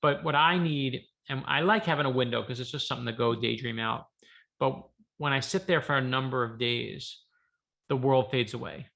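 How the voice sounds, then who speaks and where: A man, an author, telling a lively story on a video call from his home office, acting out the dialogue. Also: mid-range voice, normal speed, creaky. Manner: lively anecdotal, acts out dialogue. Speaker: author guest. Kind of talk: animated storytelling.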